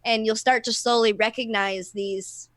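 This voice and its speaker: A woman's voice: fairly high pitch, steady tone, measured pace, fairly bright tone. A woman who works with clients, talking openly and explaining things in casual chat. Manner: open, explanatory, many fillers. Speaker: therapist.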